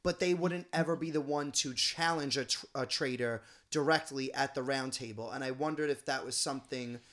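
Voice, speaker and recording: A man's voice: medium pitch, moderate pace, a bit bright. Curious young man asking questions. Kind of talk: casual interview chat.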